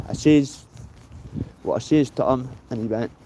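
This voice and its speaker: A man in his late thirties with a Dundee accent rambles bluntly into a handheld phone while he walks outdoors in the rain. His voice sits mellow and dark, and he swears freely and tacks "mate" onto nearly every line. Faint noise runs underneath. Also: mid-range voice, a little slow. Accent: Dundee Scottish. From Scotland. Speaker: vlogger. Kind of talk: casual walking vlog.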